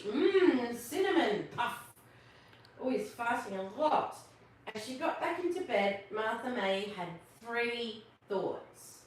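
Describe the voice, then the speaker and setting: A woman's voice: fairly high pitch, lively intonation, slow pace, a little hiss or hum. A woman hosting a live story time, reading a picture book aloud and amused by its jokes. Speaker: storytelling host. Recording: echoey room, far from the mic.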